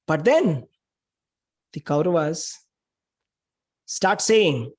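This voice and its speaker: A man's voice: sits high, animated, measured pace, pauses often, a little mellow, husky. A man giving a spiritual talk, retelling a scripture story in an emphatic, dramatic way with lots of repetition. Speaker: spiritual speaker.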